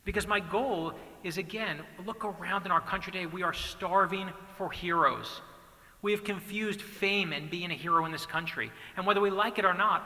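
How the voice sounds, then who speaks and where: In a large banquet hall, a male author in his forties gives an earnest, passionate keynote built from a series of stories meant to inspire. His voice is high, pushed, and bright, and the hall's reverb is audible.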